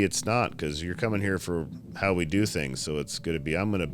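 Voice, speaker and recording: A man who builds custom motorcycles, telling shop stories in casual podcast talk, profane and animated, acting out his customers. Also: low voice, brisk, slight background noise.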